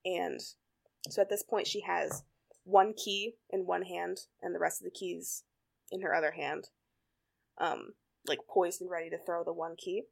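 A woman's voice: on the low side, unhurried, creaky. A woman casually retelling a TV episode with lots of fillers. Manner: animated retelling with many fillers. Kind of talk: casual chat.

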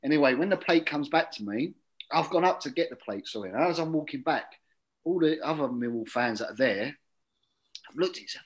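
Man, guest storyteller, casual and chatty, mid-pitched voice, quiet muttered asides. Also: fairly quick, rough recording. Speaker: guest, former footballer. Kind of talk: casual anecdote.

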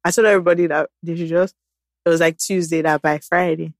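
A woman in casual chat, telling stories with lively acted-out quotes and frequent laughter. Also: on the low side, fast talker, dry recording, studio quality. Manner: animated storytelling, acts out quotes, laughs often.

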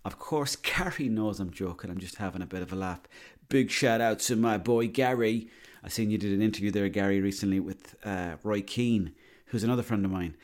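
A man's voice: fairly low pitch, a little fast, a little mellow. A man telling a rambling, boastful comic monologue, swearing freely.

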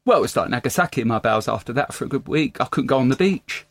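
A man's voice: medium pitch, animated, fast. A man hosting a comic chat, camp and jokey in his talk. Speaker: host. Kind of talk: comic chat show banter.

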